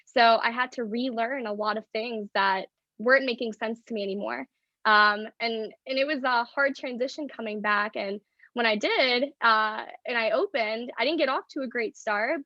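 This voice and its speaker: A woman in her twenties from the northeastern US tells her career story to a podcast host, frank and personal, with "like" scattered through her sentences. Her voice sits a little high. The audio is dry and slightly muffled. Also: sharp tone, no echo. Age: 20s. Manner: frank, personal, heavy use of "like" fillers. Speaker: guest. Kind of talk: candid storytelling in a podcast interview.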